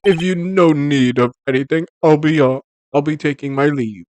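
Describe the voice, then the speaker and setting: A man voicing a polite, formal male hotel bellboy who talks in halting, over-courteous phrases. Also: mid-range voice, animated, a little hiss or hum, close to an everyday voice. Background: video game music.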